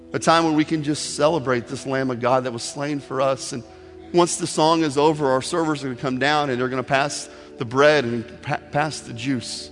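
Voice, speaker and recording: A man preaching a sermon as pastor in a church, with an impassioned, repetitive cadence. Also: mid-range voice. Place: church sanctuary. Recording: echoey hall with faint music.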